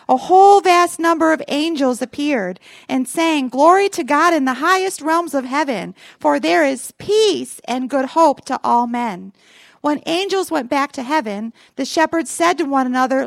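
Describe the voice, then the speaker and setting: A woman pastor delivers a Christmas sermon to her congregation, now and then prompting them to repeat her words back. Her voice sits high and carries a gravelly, crackly fry. The sound is dry and close. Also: no echo. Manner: preaching with call-and-response asides to the congregation.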